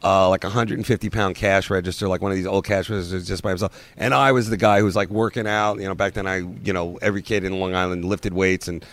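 A man with a somewhat low voice tells a rambling story, filled with pauses and fillers. The recording is dry and close. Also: fairly even intonation, no room sound. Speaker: comedian guest. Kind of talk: casual storytelling interview.

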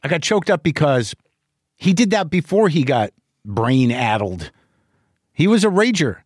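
A man's voice: fairly high pitch, sing-song, a little slow, slightly rough, dry recording. Middle-aged guy rambling on his podcast, swears a lot, restarts sentences, dry close sound. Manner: candid, rambling, profane, with many restarts. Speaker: podcast host. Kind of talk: casual monologue.

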